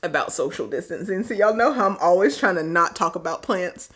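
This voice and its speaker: A woman's voice: on the low side, lively intonation, fairly quick, fairly bright tone, a little hiss or hum. A woman co-hosting a podcast in joking, playful casual chat, swearing and laughing often. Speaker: podcast co-host.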